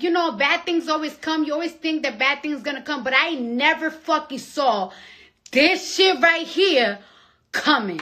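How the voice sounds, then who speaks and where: A young woman from the New York area rants on a phone live stream with a high, sharp voice. She rambles and curses freely and swings from loud, theatrical outbursts to near-whispers. A faint hiss sits under her voice. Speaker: streamer talking to viewers. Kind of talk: casual live-stream rant.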